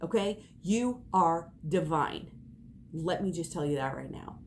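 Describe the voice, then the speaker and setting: A woman's voice: sits low, expressive, measured pace, a little hiss or hum. A young woman giving an emphatic spiritual pep talk as a tarot reader, swearing and laughing as she speaks.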